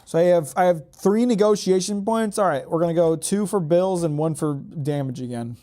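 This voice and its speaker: A man's voice: on the high side, normal speed, dark tone. A man streaming a game, rambling, joking and swearing as he thinks aloud. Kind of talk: casual live-stream gaming commentary.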